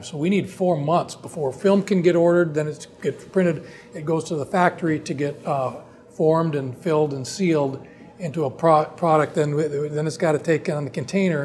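A man, a company co-founder, tells a long business story in a relaxed conversation, often restarting his sentences. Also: on the high side. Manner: long rambling anecdotes with frequent restarts.

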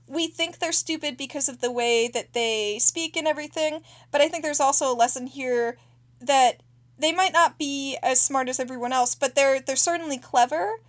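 High-voiced woman chatting animatedly. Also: moderate pace. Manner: animated, acts out characters' lines, swears casually. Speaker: podcast co-host. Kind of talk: casual chat recapping a TV episode.

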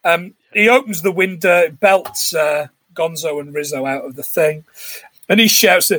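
A podcast co-host with a slightly high, bright, forceful voice chats casually while recapping a film, speaking a little slowly. He acts out lines from the movie in put-on voices, and the recording has no echo.

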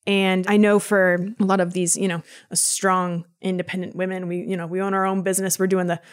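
A personal trainer guesting on a podcast tells a personal story in a casual storytelling interview, her lowish, clean-toned voice fairly quick. She's a lively storyteller who acts out the voices of the people she quotes.

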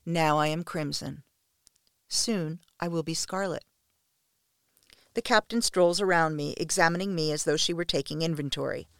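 A woman narrating an erotic story in the first person, in a steady, intimate storytelling manner. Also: deep voice, moderate pace, clean tone, dry recording, studio quality.

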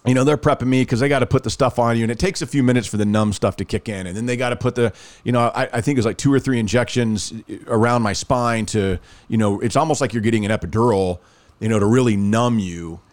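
A man's voice: mid-range voice, fast. A man in casual podcast chat, telling a long personal story and acting out the other people's lines. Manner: animated, acts out quoted dialogue.

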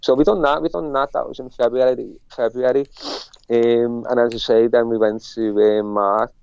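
A man's voice: mid-range voice, steady tone, normal speed, gravelly, clear, resonant tone, no room sound. A middle-aged man with a Liverpool accent, chatting rambly as an interview guest and repeating himself as he tells his story. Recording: dull lo-fi sound.

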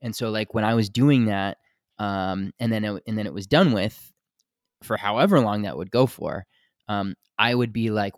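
A man's voice: on the low side, measured pace, no room sound, studio quality. A man hosting a podcast in casual conversation, talking candidly and animatedly and swearing freely. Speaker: podcast host.

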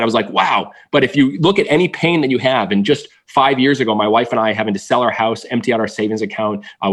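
A man in his thirties telling personal stories as an interview guest. He talks fast and with a lot of energy. His voice sits a little low. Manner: energetic, animated storyteller. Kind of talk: storytelling interview.

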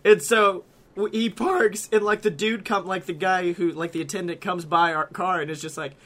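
A young man co-hosts a casual podcast, telling a long story with a bright, clear voice. He swears freely, laughs often and acts out the quotes of the people in his story. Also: high voice, steady tone, moderate pace. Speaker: podcast co-host.

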